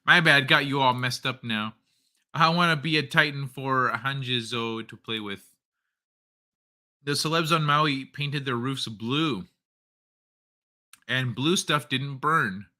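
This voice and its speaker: Bright-voiced, profane male streamer. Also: mid-range voice, measured pace. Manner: loose and profane, reading chat aloud. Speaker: streamer host. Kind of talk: casual late-night stream chat.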